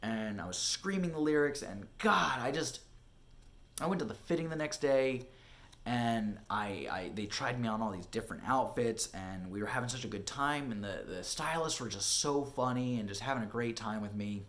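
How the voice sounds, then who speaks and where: A young man, an actor, telling a personal story in a casual vlog, animated and full of fillers, his voice rising when excited and dropping low and quiet when anxious. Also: moderate pace. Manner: animated, swinging from excited to hushed and back, many fillers. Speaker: vlogger and actor. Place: home, indoors.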